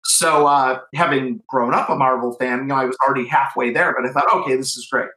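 A man's voice: medium pitch, fairly even intonation, fairly quick, bright, forceful tone, roomy sound, poor audio. A middle-aged man from Cleveland, telling enthusiastic stories as an author in an interview, with lots of restarts and fillers. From Cleveland, USA. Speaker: author and guest. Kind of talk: anecdotal interview storytelling.

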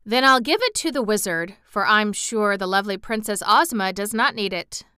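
A shy, ragged wanderer speaks with plain, earnest humility, voiced by a woman reader close to her own voice. Her tone stays bright and exceptionally clear, recorded dry and near the mic. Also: medium pitch, animated, moderate pace, no room sound. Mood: eager. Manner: earnest, humble, plain-spoken. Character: shy, humble ragged vagabond man. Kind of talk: audiobook character reading.

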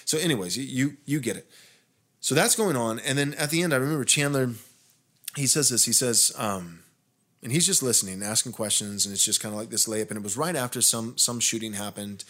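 A man's voice: mid-range voice, brisk. A man, a pastor hosting a podcast, telling a long story in casual conversation, growing more heated with frequent restarts. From United States. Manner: animated, rising intensity when indignant, frequent restarts.

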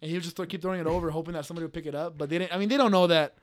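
A man's voice: a little high, rapid-fire. An American man co-hosting a podcast, telling stories in casual banter and laughing often. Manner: animated storyteller, acts out voices, laughs often. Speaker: podcast co-host. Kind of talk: casual banter among friends.

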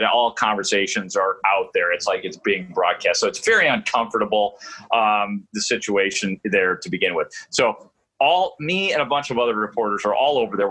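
Bright, husky-voiced sports reporter. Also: male voice, on the low side, low-quality recording. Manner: animated storyteller, acts out quotes. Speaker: sideline reporter and radio guest. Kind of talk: casual chat, storytelling.

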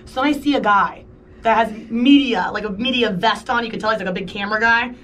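Woman co-host, high voice, chatty and quick to laugh, slightly off-mic with faint noise. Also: a bit bright, recorded from a distance. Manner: chatty, quick to laugh, plays out quoted dialogue. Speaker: podcast co-host. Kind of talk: casual storytelling chat.

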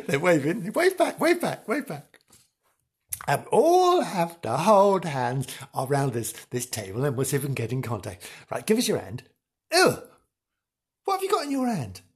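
A man playing a fussy, dithering woman field reporter in a comic sketch, with a husky voice. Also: on the high side, huge pitch swings, a little slow, full character voice. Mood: disgusted. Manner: fussy, dithering, shrieking with alarm. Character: flustered, excitable middle-aged woman field reporter. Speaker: on-location reporter.

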